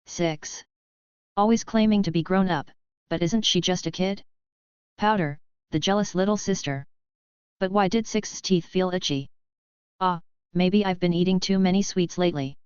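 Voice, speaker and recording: A woman narrating a novel aloud in an even, steady reading voice. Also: lowish voice, moderate pace, long pauses, smooth, no echo, dull audio. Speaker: audiobook narrator. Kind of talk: scripted narration.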